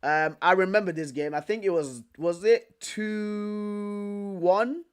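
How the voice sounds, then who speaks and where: Slangy young man, higher voice. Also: slow, smooth. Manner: slangy, excitable, repeats himself with bro and fam. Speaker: streamer. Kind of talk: casual live commentary reacting to chat.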